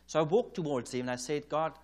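A man's voice: a little high, fast, a little mellow. South African man preaching through a story. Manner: anecdotal, re-enacts dialogue, chuckles often. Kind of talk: conference sermon, storytelling. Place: church or conference hall.

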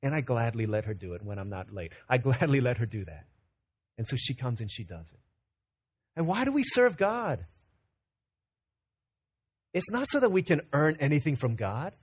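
A man's voice: medium pitch, sing-song, moderate pace, pauses often, slightly rough. A man in his thirties preaching a sermon, telling a family story with quoted dialogue and many rhetorical questions. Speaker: pastor.

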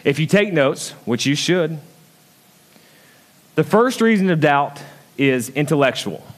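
High-voiced pastor preaching with big swings. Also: male voice, expressive, unhurried. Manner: emphatic preaching with big swings in pitch and loudness; calls out and questions the congregation directly. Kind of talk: sermon.

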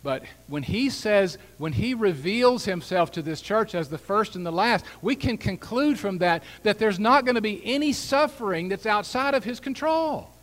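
A man preaching a sermon as a pastor. He swings between quiet, intimate asides and loud, rising emphasis, with wry humor along the way. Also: moderate pace, hardly any pauses, long reverb tail, poor audio. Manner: animated preaching with wide swings in pitch and loudness, wry asides.

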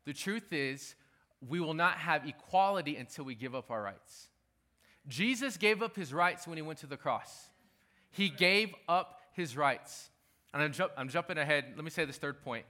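A male pastor delivers a sermon with emphasis, circling back to repeat his main lines. His voice is bright and forceful, sitting a little high for a man. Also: expressive, normal speed. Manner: emphatic, repeats key phrases.

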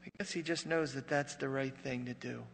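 A man preaching a sermon as pastor, a joking, conversational storyteller who drops to a hush for dramatic moments. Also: mid-range voice, fairly even intonation, fairly quick, gravelly, long reverb tail, slight background noise.

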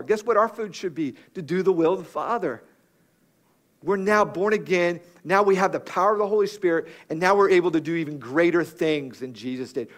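Male preacher, emphatic rhythmic sermon delivery, fairly high voice. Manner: rhythmic, emphatic preaching with direct appeals to listeners.

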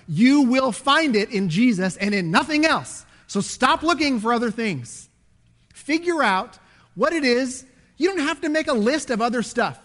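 A man preaching a sermon as pastor, animated, swinging between loud emphasis and hushed asides. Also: sits high.

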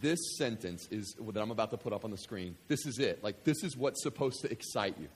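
A man from West Kentucky preaching a sermon, joking with the congregation and swinging from quiet scripture reading to loud excitement. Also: on the low side, a little fast, slightly rough. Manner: animated, jokey, swings between quiet reading and loud enthusiasm. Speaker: pastor.

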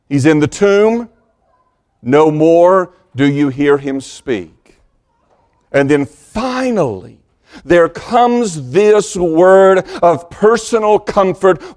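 A man preaching a sermon as pastor, slow and deliberate, dropping to a hushed voice when quoting scripture. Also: fairly high pitch.

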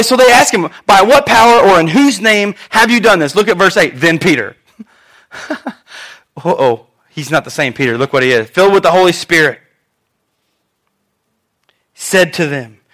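A male pastor with a notably high, bright voice delivers a sermon. He tells the story with humor and animated voices, laughing now and then. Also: moderate pace, pauses often. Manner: jokey and lively, laughs often.

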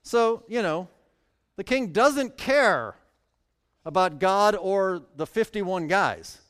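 A man's voice: high voice, expressive, slow, fairly bright tone, clean tone, long reverb tail. A man preaching a sermon, reading scripture aloud and then explaining it with joking asides. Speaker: pastor.

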